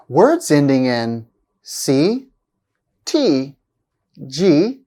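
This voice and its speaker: A woman reading a scripted pronunciation lesson, saying each example word slowly and deliberately with exaggerated stress. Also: a bass voice, a little mellow. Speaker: pronunciation teacher.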